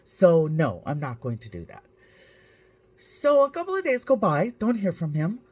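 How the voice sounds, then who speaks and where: A woman's voice: fairly low pitch, wildly swooping pitch, moderate pace, a little mellow, husky. A woman vlogger telling a story to camera in a dry, wry, matter-of-fact way.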